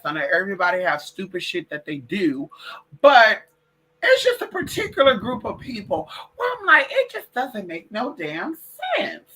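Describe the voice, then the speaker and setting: A woman's voice: mid-range voice, big pitch swings, moderate pace, sharp tone, slightly rough. A woman hosting a late-night livestream in casual, profane chat, calling her listeners girl and y'all. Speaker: livestream host.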